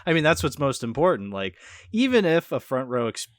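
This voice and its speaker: A man's voice: mid-range voice, very animated, fairly quick, no echo, clean studio sound. Easygoing male podcast host. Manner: easygoing, filler-heavy talk. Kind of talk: casual chat.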